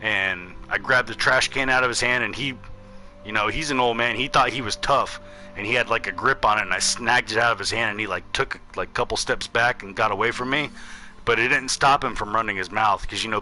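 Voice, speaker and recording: A man's voice: lowish voice, brisk, sharp tone, faint music behind. A man telling a rambling, profane story in casual chat while he plays a game, acting out the quotes as he goes. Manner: rambling, profane, with lots of fillers and acted quotes. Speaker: gaming channel host.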